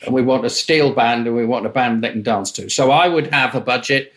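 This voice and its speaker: An older Englishman with a mid-range, brisk voice tells wry, lively stories about his years in the music business. Speaking with an interview guest's easy pacing, he imitates other people's voices whenever he quotes them.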